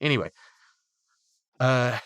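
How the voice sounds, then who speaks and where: A man's voice: mid-range voice, animated, slow, creaky, fairly bright tone, no room sound, studio quality. A man hosting a podcast, recapping and reviewing a cartoon episode in a loose, rambling way with lots of fillers.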